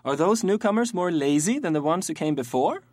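Naive young traveler, high and sing-song, earnest questions, dry close sound. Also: male voice, expressive, brisk, darkish tone, no echo. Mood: puzzled. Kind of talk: audio drama acting.

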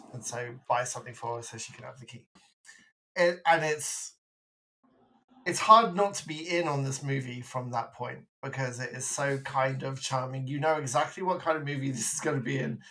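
Laughing British podcast co-host. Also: male voice, medium pitch, rough recording. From Britain. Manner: laughs often, animated impressions. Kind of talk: casual film review chat.

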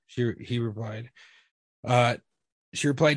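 A man co-hosting a podcast, telling quick crude one-liners and stumbling over his words now and then. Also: mid-range voice, steady tone, a little mellow, dry recording. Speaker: podcast co-host. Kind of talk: casual joke-telling chat.

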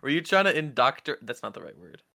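Lively, bright-voiced young man chatting. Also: mid-range voice, a little fast, vocal fry, no room sound, studio quality. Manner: rambling, swearing, laughing a lot. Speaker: podcast co-host. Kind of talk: casual chat.

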